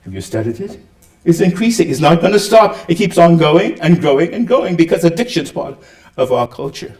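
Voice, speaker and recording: An older man delivers a lecture with a lively, swooping voice, throwing rhetorical questions at the audience and acting out the quotes he tells. He stands a little away from the mic, and the hall around him is roomy and echoing. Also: fairly high pitch, a little fast, far from the mic. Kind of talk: public lecture.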